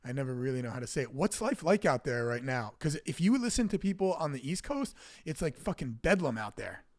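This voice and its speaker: A man's voice: mid-range voice, very animated, a little fast, no echo, studio quality. A man hosting a podcast, asking brief questions and reading an upbeat introduction. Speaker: podcast host. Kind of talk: casual interview chat.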